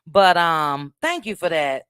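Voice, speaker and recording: Midwestern woman, casual livestream host, talkative and friendly with chat; smooth, resonant tone, dry recording. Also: sits low, big pitch swings, slow pace, fairly bright tone, no echo. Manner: chatty, thanks viewers by name, drops "child" asides. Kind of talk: casual livestream chat reading viewer comments.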